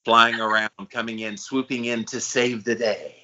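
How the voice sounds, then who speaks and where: Chatting casually on a podcast with his best friend, this co-host, the self-described hype guy, comes across energetic, enthusiastic, upbeat and encouraging. His mid-range voice is bright and forward at a moderate pace. The sound quality is a bit dull and lo-fi.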